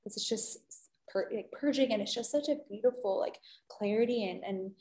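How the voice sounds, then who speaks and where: A woman who is a holistic healing guest, chatting gently and effusively in a casual interview. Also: medium pitch, moderate pace, reverberant. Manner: gentle, effusive, many "beautiful"s and "um"s.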